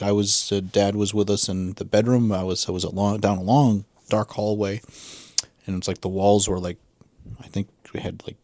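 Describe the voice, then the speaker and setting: A middle-aged man from western Massachusetts, chatting casually as a podcast co-host and recalling things in a rambling, halting way full of restarts. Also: fairly low pitch, a little mellow, no echo, clean studio sound. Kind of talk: casual conversation.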